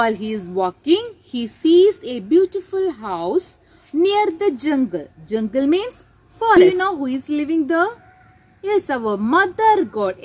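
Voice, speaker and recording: A woman's voice: high voice, a little hiss or hum, rough recording. A woman kindergarten teacher with an Indian English accent tells a story to young children, explaining and spelling out words.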